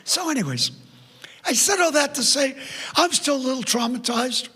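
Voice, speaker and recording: Older male preacher, husky and tense, animated storyteller; church hall with long reverb. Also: very high voice, moderate pace. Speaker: guest preacher. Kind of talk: storytelling sermon. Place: church sanctuary. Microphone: PA microphone.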